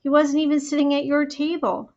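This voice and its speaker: Earnest schoolboy read by a female narrator, halting, slightly high voice, lo-fi muffled audio. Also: monotone, a little mellow, lightly acted. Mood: indignant. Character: defensive then apologetic schoolboy friend. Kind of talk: audiobook character voice. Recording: dull lo-fi audio.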